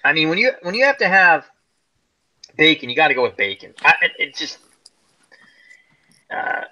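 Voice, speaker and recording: Lively, bright-voiced storytelling man. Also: a little high, moderate pace, muffled recording. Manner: animated storyteller, acts out quoted people. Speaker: host. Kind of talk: casual group chat, storytelling.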